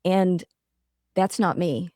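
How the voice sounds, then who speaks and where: A woman's voice: fairly low pitch, slow pace, dark tone, no echo, clean studio sound. A middle-aged woman, a guest author, talking earnestly and reflectively in a casual interview, working through everyday examples.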